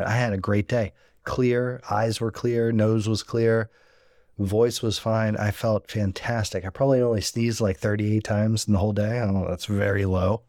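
A man's voice: lowish voice, level tone, normal speed, a little mellow, dry recording, studio quality. A man hosting a cooking podcast, chatting casually in a rambling, self-deprecating, joking way. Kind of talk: casual chat. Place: rural homestead.

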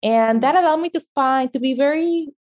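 Woman, Mexican accent, middle-aged, interview guest, passionate and animated, dull lo-fi audio. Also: sits high, normal speed. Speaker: guest, media entrepreneur. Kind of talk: interview conversation.

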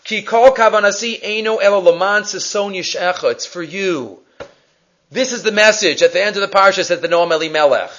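A man giving a weekly Torah lesson, animated, rising to near shouts and dropping to quiet emphasis. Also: high-pitched, brisk. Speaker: Torah teacher. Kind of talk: weekly Torah portion lecture. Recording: dull lo-fi recording.

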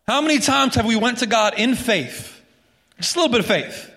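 A man's voice: extremely high pitch, expressive, moderate pace, gravelly, fairly bright tone. A man preaching a sermon as pastor, conversational with frequent restarts and casual asides. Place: church. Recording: long church reverb.

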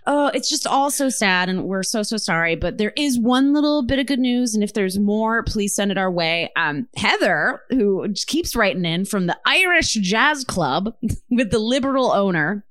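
A woman co-hosting a podcast, chatting casually with impassioned, profane, animated storytelling. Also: medium pitch, normal speed, dry recording, clean studio sound. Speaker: podcast co-host. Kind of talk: casual chat.

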